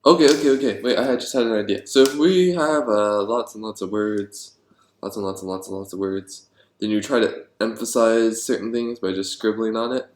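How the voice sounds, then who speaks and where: Low-voiced excitable man brainstorming aloud. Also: normal speed. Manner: rambling, excitable, many ums. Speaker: board game designer vlogger. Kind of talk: thinking aloud while brainstorming. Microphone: handheld camera. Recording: echoey room.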